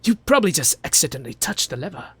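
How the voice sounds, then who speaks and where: A man's voice: on the high side, very animated, fast, fairly bright tone, breathy edge, voice pushed up, exaggerated voice. A man voicing a prim middle-aged male school official in a put-on British accent, with clipped, dismissive replies.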